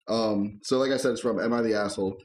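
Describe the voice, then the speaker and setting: A man co-hosting a casual podcast, reading online posts aloud and chatting, laid-back and quick to chuckle and swear. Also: lowish voice, steady tone, darkish tone. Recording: echoey room.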